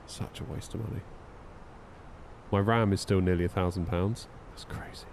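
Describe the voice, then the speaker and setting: A man's voice: low voice, fairly even intonation, normal speed, background noise. A man chatting casually on a flight sim live stream, wry and a little tired, reading out chat messages as he goes. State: yawning, tired.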